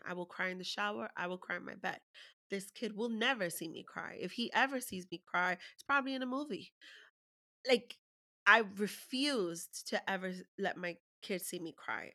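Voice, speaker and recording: A woman's voice: medium pitch, a little fast, bright, forceful tone. A woman candidly telling a personal parenting story in conversation, openly emotional and swearing freely.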